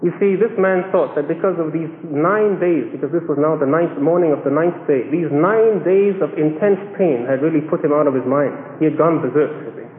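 High-voiced man preaching in an echoey hall. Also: fairly quick, hardly any pauses, slight background noise. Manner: animated storyteller, acts out quoted voices with chuckles. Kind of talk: sermon storytelling. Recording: echoey hall, phone-like band.

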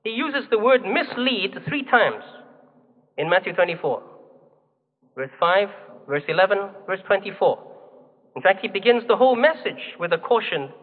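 Male preacher, high-pitched, deliberate and emphatic, recorded in a hall with long echo. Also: sing-song. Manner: measured, emphatic teaching with rhetorical questions. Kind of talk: sermon. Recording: phone-like, long hall reverb.

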